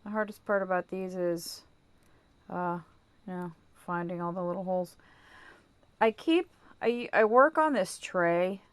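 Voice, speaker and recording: Casual craft tutorial host, woman, somewhat low voice, chatty and self-correcting. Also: unhurried, long pauses, clear, resonant tone, dry recording. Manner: playful baby talk to her dog. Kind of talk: casual how-to demonstration.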